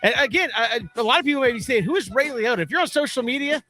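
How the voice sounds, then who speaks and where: A man hosting a sports radio show, talking casually and in a relaxed way, then doing the show plugs. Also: very high-pitched, racing, soft background music.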